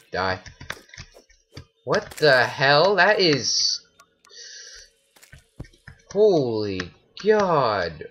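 A man's voice: mid-range voice, lo-fi sound, slight background noise. A man commentating his own gameplay, easily startled and often yelping in alarm. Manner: jumpy, often shouts in alarm. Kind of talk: let's play commentary.

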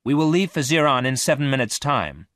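A man reading aloud, voicing a calm male robot that runs a spaceship, formal and precise in his speech. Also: medium pitch, a little fast, no room sound, clean studio sound, voice pushed up.

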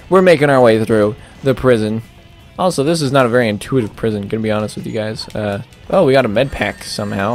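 Commenting casually on his gameplay, this young let's play host rambles, cracks jokes, and fills his talk with fillers. Now and then he puts on goofy high-pitched voices.

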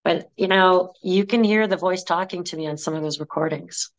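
A woman clairvoyant being interviewed, telling stories in a lively way and acting out the voices she quotes. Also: lowish voice, normal speed, rough recording. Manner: animated storyteller, acts out quoted voices. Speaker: clairvoyant guest. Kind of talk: conversational interview.

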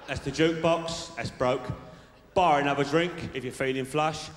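A man plays a cocky South London lad handing out dating tips, chatty and sure of himself. His voice sits a little high. Long hall reverb and faint noise come from a live theatre show. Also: steady tone, moderate pace, close to an everyday voice. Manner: boastful, chummy, tag questions. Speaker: stand-up comedian in character. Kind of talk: live stand-up character monologue. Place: large theatre stage with audience.

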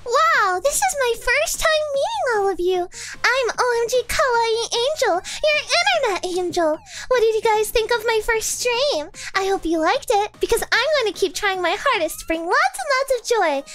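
A woman's voice: extremely high pitch, animated, normal speed, a bit bright, pitched above the performer's own voice. A woman voicing a sugary, cute young female internet idol streamer in a bubbly baby voice. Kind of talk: reading game dialogue aloud.

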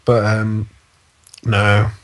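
A man chatting and teasing a friend while they play a video game together, quick to laugh. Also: lowish voice, completely flat delivery. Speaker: co-player, guest. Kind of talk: casual gameplay chat.

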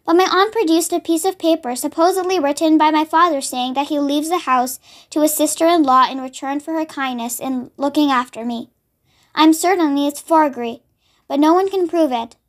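A woman voicing a gentle, kind young woman teacher in a storybook, soft-spoken. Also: high voice, moderate pace, close to an everyday voice. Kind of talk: read-aloud storybook acting.

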